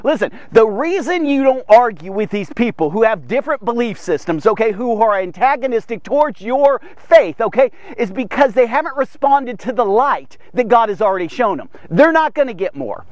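High-voiced, excitable man preaching. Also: normal speed, hardly any pauses, dry recording, muffled recording. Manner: energetic, punctuates with "okay?"; acts out biblical speakers in a raised voice. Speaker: devotional podcast host. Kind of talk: informal devotional preaching.

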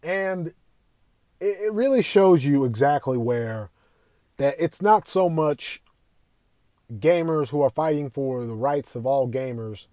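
A man's voice: a little high, expressive, slow pace, pauses often, warm tone, no room sound. A young man ranting as a podcast host, swearing constantly, repeating himself and firing rhetorical questions. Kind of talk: profane opinion rant.

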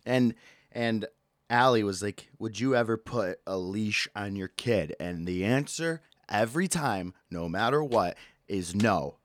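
A man's voice: on the low side, no room sound, studio quality. A man hosting a casual podcast, ranting and joking about everyday gripes. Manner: animated, ranting, jokey, quick to yell out bits. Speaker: podcast host. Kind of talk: casual solo podcast rant.

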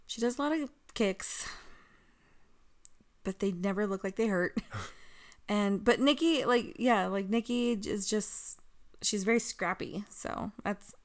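A woman co-hosting a casual podcast, giggling as she goes and wandering through her points. Her pitch sits in an ordinary middle range, and her speech is loose and full of "like" and self-corrections. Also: unhurried, long pauses. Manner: giggly, rambling, full of "like" and restarts. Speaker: podcast co-host. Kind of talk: casual chat recapping wrestling.

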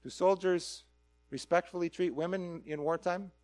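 Guy giving a sermon, pretty high voice for a man, lively and chatty, keeps asking the room questions. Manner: animated, asks rhetorical questions, acts out quick quoted voices. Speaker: preacher. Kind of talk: conversational sermon.

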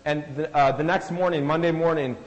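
A man's voice: fairly high pitch, steady tone, brisk, big-room sound, poor audio. A man preaching a sermon, earnest and emphatic, telling a personal story and often repeating words as he builds up. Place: church hall.

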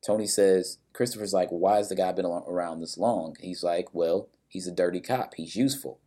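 A man's voice: sits low, normal speed, mellow, breathy edge. A man casually recapping a story and its characters, bluntly and with some swearing, briefly acting out the lines of people in it.

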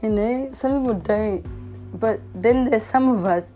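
A young woman talks casually as a podcast host, her voice mellow and soft-edged. She tells things in a self-mockingly dramatic way and laughs often, with faint music behind her. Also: on the high side, a little slow. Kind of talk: casual monologue.

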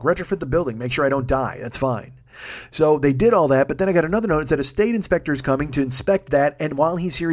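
A middle-aged man talks into his podcast mic in a quick, tumbling rush. His storytelling is casual, crude and full of self-mockery, and it wanders from point to point. His voice sits at an ordinary middle pitch. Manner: profane, self-deprecating, rambling. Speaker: podcast host. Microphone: studio microphone.

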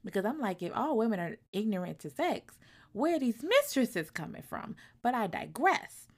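A woman retelling a novel's plot in a casual chat, acting out the characters' lines and breaking into loud, colloquial asides. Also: on the high side, sing-song, moderate pace. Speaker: book reviewer. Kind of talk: casual book recap.

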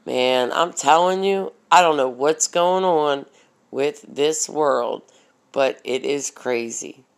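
A vlogger from Baltimore, USA rants casually about local news in a slow, low, gravelly voice. She's blunt and profane, uses many ums, and throws in mocking asides.

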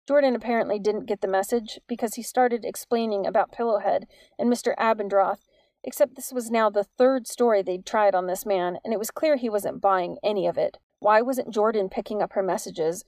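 A woman reading an audiobook in an even, measured storytelling manner. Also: medium pitch, no echo. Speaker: audiobook narrator. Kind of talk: scripted narration.

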